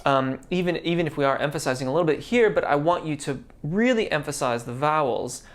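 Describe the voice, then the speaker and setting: A woman giving a singing lesson, calmly explaining technique and breaking into sung demonstrations. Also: low voice, fairly quick. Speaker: singing teacher.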